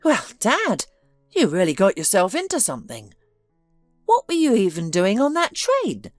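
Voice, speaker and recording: A woman's voice: mid-range voice, wildly swooping pitch, normal speed, no echo, studio quality, soft background music. A woman voicing a tired, impatient businessman son who talks in a dismissive way. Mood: weary.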